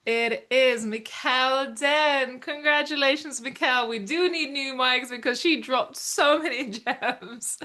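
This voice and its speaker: A woman's voice: high voice, takes it slowly, few pauses, sharp tone. A woman hosting an online awards ceremony, enthusiastically announcing a winner and affirming her over a video call.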